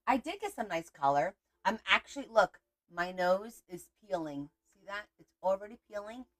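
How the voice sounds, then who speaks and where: A woman's voice: mid-range voice, lively intonation, moderate pace. A middle-aged woman hosting a casual livestream, chatting in a rambling way and greeting viewers by name. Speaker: livestream host.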